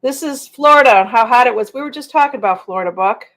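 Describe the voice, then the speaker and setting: In a slightly high, somewhat bright voice and at a quick pace, a middle-aged woman hosts a relaxed livestream, chatting, rambling and reading viewers' comments out loud.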